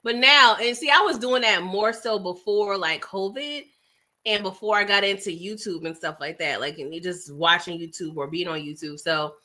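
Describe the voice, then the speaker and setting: Bright-voiced New woman chatting live. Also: medium pitch, moderate pace. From New York City. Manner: chatty and animated, with frequent laughs and asides to the audience; snacking while talking. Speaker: livestream host reading viewer chat. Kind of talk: casual live-stream chat.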